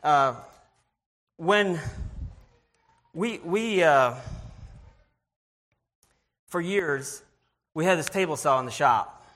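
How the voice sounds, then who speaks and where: A man with a slightly high voice preaching an informal sermon to his congregation. He talks earnestly and haltingly, stumbling into restarts and repeated words. When he reads scripture, his voice drops lower and slows. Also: expressive, a bit bright. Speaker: lay preacher.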